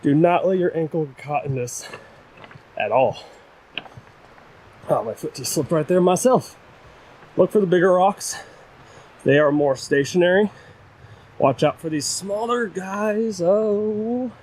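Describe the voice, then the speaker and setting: A young man with a slightly high voice talks to his viewers while climbing a windy rocky trail. He is out of breath and self-deprecating, chatting as he goes. The sound comes from a mic mounted on his camera outdoors. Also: unhurried, pauses often, darkish tone. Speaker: hiking vlogger. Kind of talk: casual vlog narration while hiking. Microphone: camera-mounted shotgun mic. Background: wind.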